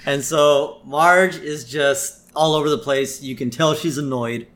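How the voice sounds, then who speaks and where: Relaxed male podcast co-host. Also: a little high, a little slow. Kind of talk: casual episode recap.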